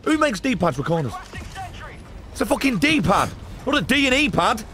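A man in excitable gaming banter who swears freely and rants at his teammates. His voice sits high and swings wildly in pitch. Loud game music plays behind him. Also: moderate pace. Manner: swearing, shouting, exasperated ranting. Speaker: streamer playing a co-op shooter.

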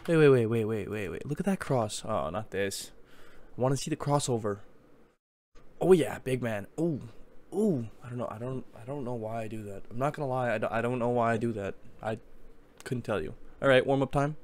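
A man's voice: medium pitch, animated, moderate pace, a little mellow. A young man casually commenting on his own hockey game footage, mocking himself and joking as he goes.

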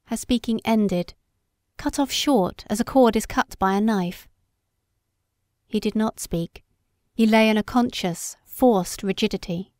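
A woman reading a story aloud as an audiobook narrator, in a measured, unhurried way. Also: mid-range voice, darkish tone, no echo, clean studio sound. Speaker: audiobook reader. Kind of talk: scripted narration.

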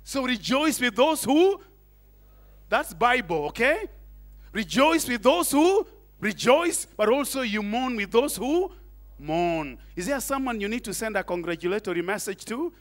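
A middle-aged man preaching a sermon, animated, tossing in Swahili asides and questions to the congregation. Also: very high voice, measured pace. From Kenya. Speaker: pastor.

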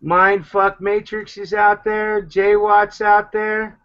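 A man hosting a casual online talk show, rambling loosely and giving shout-outs to listeners. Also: sits high, little pitch movement, slow, smooth. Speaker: podcast host. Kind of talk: casual chat. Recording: dull lo-fi sound.

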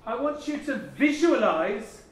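A man leading a conference audience through an energetic voice warm-up, coaxing and theatrical, laughing often. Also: very high voice, unhurried. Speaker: plenary speaker leading a voice warm-up. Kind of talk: leading a group vocal exercise at a conference. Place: large conference hall. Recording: very echoey hall, mic far off.

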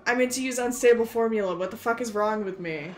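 A woman's voice: a little high, fast talker, soft background music. A woman streaming a video game live, chatting casually, reading chat aloud, laughing and swearing.

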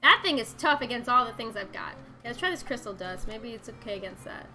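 A woman host giving animated, playful let's play commentary, chatting to the game's characters. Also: on the high side, fast talker, soft background music. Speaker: gaming channel host.

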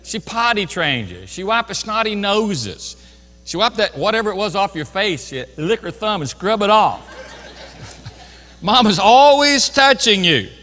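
A man's voice: high voice, very animated, normal speed, sharp tone, long reverb tail, faint music behind. An older man, a pastor, preaching a sermon with earnest, folksy asides.

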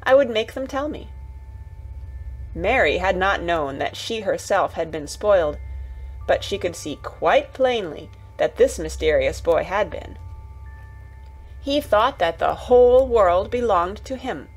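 A woman narrating a classic children's novel as a calm bedtime story. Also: fairly low pitch, a little slow, breathy edge, faint music behind.

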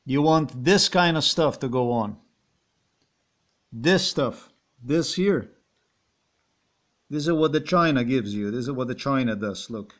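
A man's voice: medium pitch, unhurried, long pauses. A man with a Slovenian accent rambling and ranting in a monologue, swearing and firing off repeated rhetorical questions. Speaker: vlogger.

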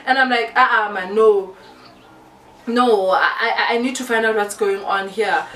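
A young woman with a South African accent tells a story with lively, animated energy. Her voice sits fairly high. The recording is echoey and a little distant from the mic, with faint background noise. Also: normal speed. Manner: animated storytelling, mixing English with local languages. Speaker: YouTuber. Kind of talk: casual story time. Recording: echoey room, a bit off-mic.

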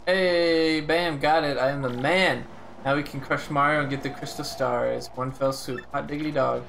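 A man hamming up a gloating, gravelly game villain. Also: fairly high pitch, steady tone, normal speed, a bit bright, slight background noise. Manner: gloating, brash. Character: boastful scheming male villain minion.

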